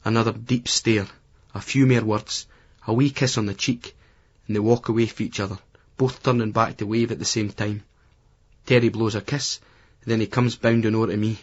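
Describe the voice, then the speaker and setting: A man's voice: fairly low pitch, fairly even intonation, normal speed, breathy edge, dull audio. A man with a Scottish accent giving gritty, colloquial first-person audiobook narration. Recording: remastered poor-quality audio.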